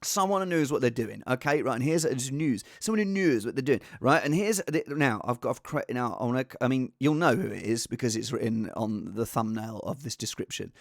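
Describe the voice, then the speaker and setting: A man's voice: medium pitch, lively intonation, brisk, hardly any pauses, dry recording, clean studio sound. A man hosting a casual show, rambling in a self-deprecating way in front of a green screen. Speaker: podcast host. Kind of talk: casual chat. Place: home set with green screen.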